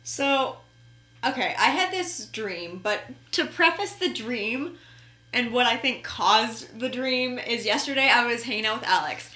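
A young woman co-hosting a podcast, telling a story in an animated, giggly way and swearing freely. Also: on the high side, a little slow. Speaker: podcast co-host. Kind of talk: casual chat. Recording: echoey room.

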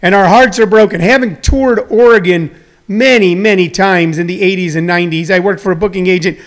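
A man's voice: high-pitched, steady tone, fairly quick. A middle-aged man hosting a live talk show, rambling and chatty with jokey asides, a little out of breath. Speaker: host.

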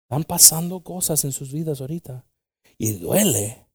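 A man preaching a bilingual sermon with passion, dropping to hushed whispers and rising to shouts. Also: fairly high pitch, lively intonation, fairly quick, slightly rough, no room sound, studio quality.

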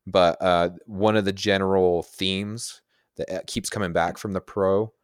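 A man's voice: low voice, fairly even intonation, a little slow, clean tone, no echo, studio quality. A man co-hosting a casual podcast, speaking enthusiastically and laughing easily. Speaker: podcast co-host. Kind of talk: casual chat.

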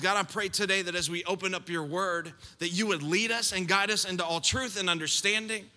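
A middle-aged male pastor with a high, very bright voice delivers a sermon in a large church hall. He tells stories with animated, playful self-mockery. His voice carries a long reverb through the room. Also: fairly quick, hardly any pauses. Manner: animated storyteller, playful self-mocking asides.

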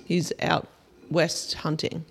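An Australian woman co-hosting a podcast in casual, easygoing chat, quick to laugh. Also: deep voice, little pitch movement, creaky, a little hiss or hum. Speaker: podcast co-host.

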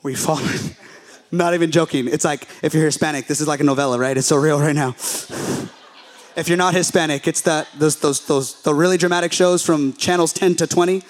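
A young man preaching as a pastor, telling a story in an animated, self-deprecating way and joking with his listeners. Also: a little high, fairly quick. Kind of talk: humorous storytelling sermon.

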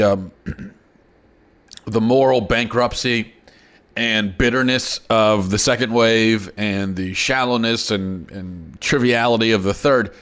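A man hosting a podcast, losing his voice, talking in a sardonic, halting monologue and clearing his throat. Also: lowish voice, fairly bright tone. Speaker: podcast host. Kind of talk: opinionated solo monologue.

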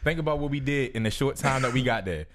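A man in casual chat, talking in quick slang and tagging his lines with "yo". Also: medium pitch, expressive, crowd noise. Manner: fast, slangy, ends lines with "yo".

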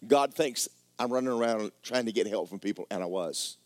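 A man preaching a folksy, conversational sermon. He tells stories and drops into quiet asides. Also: lowish voice, a little fast, few pauses, no echo. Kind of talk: sermon with storytelling.

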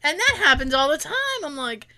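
Animated high-voiced woman telling stories. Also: a little fast, very noisy. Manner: animated storyteller, acts out quotes, laughs often, swears. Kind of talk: casual chat.

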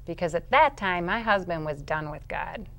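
A woman being interviewed, telling a personal faith testimony as a vivid storyteller. She drops to quiet, low narration and rises to loud, high-pitched bursts. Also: expressive, moderate pace. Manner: vivid storyteller who acts out her own past outbursts. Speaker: interview guest.

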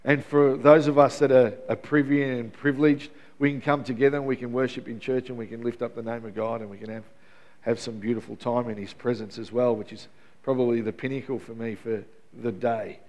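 A pastor in middle age delivers an Easter sermon. He keeps it conversational and throws questions out to the congregation. His voice sits at an ordinary pitch for a man. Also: darkish tone.

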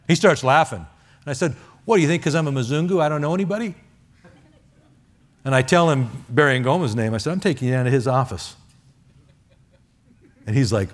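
A man preaching a sermon as a missionary, telling stories in a chatty, animated way with many fillers. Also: medium pitch, fast. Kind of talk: sermon with storytelling. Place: church sanctuary.

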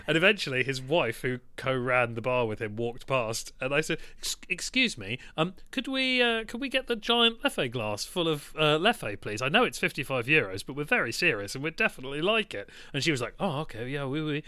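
A man co-hosting a podcast, telling a story in a casual, animated way, swearing and laughing as he goes. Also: mid-range voice, brisk, hardly any pauses, no echo. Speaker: podcast co-host.

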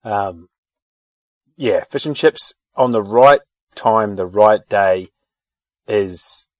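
A man's voice: on the low side, drawn-out words, darkish tone, dry recording, studio quality. A man telling rambling anecdotes in casual chat, with fillers and swearing. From New Zealand.

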